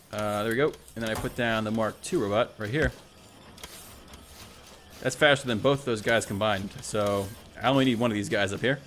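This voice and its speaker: A man's voice: medium pitch, fairly bright tone, a little hiss or hum. A man casually narrating his own gameplay, thinking aloud, correcting himself and chatting to the units on screen. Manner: thinks aloud, self-correcting, talks to the robots. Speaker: let's play host.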